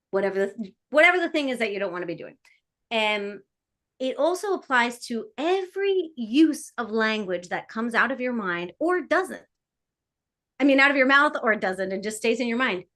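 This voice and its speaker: A woman hypnotherapist in casual podcast conversation, talking animatedly and acting out what clients say. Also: fairly high pitch. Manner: animated, acts out client quotes.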